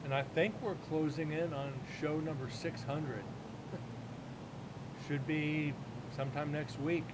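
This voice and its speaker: A man's voice: fairly even intonation, unhurried, pauses often. A man hosting a paranormal live stream, chatting casually and rambling with his viewers. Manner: laid-back, rambling, talks straight to chat. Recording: loud vehicle rumble behind the voice.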